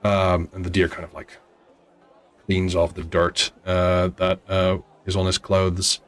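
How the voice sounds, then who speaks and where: A man narrating a tabletop game as game master, halting and full of restarts. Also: sits low, monotone.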